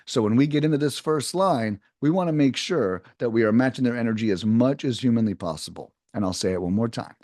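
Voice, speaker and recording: A man's voice: medium pitch, brisk, hardly any pauses, no echo, clean studio sound. A man teaching a casual lesson on cold calling, talking to viewers as "guys" and acting out sample phone openers. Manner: animated, talks to viewers as guys, acts out sample phone lines. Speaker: cold calling sales trainer. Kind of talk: casual coaching lesson to camera.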